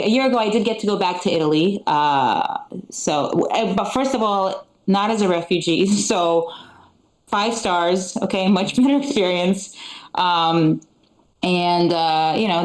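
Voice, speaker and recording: A woman's voice: on the low side, unhurried, low-quality recording. A middle-aged woman from Eastern Europe performing a live stand-up set, rambling and chatty with lots of fillers and dry asides. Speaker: stand-up comedian. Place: comedy club stage.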